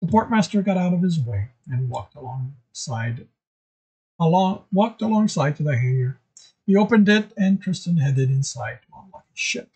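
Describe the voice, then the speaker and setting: A man's voice: a little high, lively intonation, moderate pace, darkish tone, breathy edge, poor audio. A man reading a chapter of his own novel aloud, casual, with occasional stumbles.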